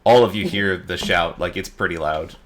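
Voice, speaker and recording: A man narrating as dungeon master in a tabletop game, in a calm, measured way. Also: low-pitched, a little hiss or hum.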